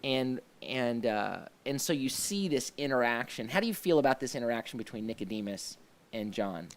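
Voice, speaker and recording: A man's voice: mid-range voice, expressive, moderate pace. Male host, church talk show, loose and rambling, stops and restarts often. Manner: rambling, with many restarts and fillers. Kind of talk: casual discussion.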